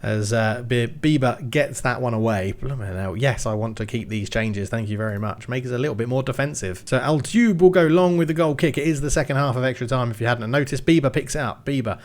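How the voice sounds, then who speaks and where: A young man giving lively commentary on his football management game, shouting when goals go in. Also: medium pitch, a little fast, hardly any pauses. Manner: excitable play-by-play, shouts at goals. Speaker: gaming YouTuber.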